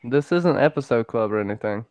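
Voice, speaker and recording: A man's voice: medium pitch, expressive, fairly quick, darkish tone, dry recording. Joking man on a livestream. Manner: joking, teasing. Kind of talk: casual livestream fan discussion.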